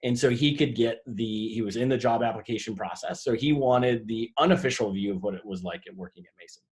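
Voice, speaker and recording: A man's voice: fairly low pitch, brisk, a little mellow. A man hosting and moderating a webinar over a video call, speaking conversationally with fillers and restarts.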